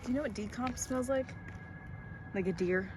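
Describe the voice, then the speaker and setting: A young woman hosts a ghost-hunting vlog from the train tracks, joking, swearing and calling out into the dark. Her voice sits a little high. Steady outdoor noise runs behind her. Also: normal speed. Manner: joking, crude, loud calls into the dark. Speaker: host.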